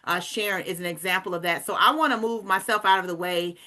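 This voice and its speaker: A woman presenting on an online group call, energetically pitching a work-from-home business and hyping up her team. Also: fast talker. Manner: energetic, hypes up others, casual asides like "guys" and "okay". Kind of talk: enthusiastic sales pitch.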